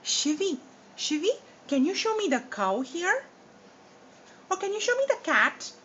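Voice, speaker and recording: A high, lively woman coaxes toddlers through a lesson in a bright, sing-song voice, asking each question again and again. She drawls her words out slowly, and the muffled phone recording carries a faint hum of the room around her. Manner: sing-song, repeats questions, makes animal sounds. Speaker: parent teaching young children. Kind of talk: teaching toddlers at home. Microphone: phone camera.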